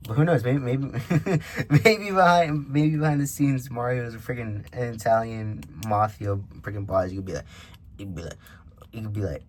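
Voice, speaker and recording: A man's voice: on the low side, moderate pace, a little hiss or hum. A man reviewing a toy figure in a casual vlog, rambling and interrupting himself with frequent asides. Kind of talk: casual unboxing vlog chat. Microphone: camera microphone.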